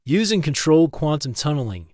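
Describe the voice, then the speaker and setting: A man's voice: fairly high pitch, big pitch swings, a little fast, a little mellow, no room sound, clean studio sound. A man voicing a cheerful, brainy young woman physicist from the future, who talks in a chatty, polite and apologetic way.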